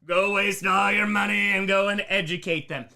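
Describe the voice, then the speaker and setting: A man teaching a live history lesson on a stream, emphatic and animated, slipping into mocking voices. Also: high voice, normal speed. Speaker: history teacher on a charity livestream.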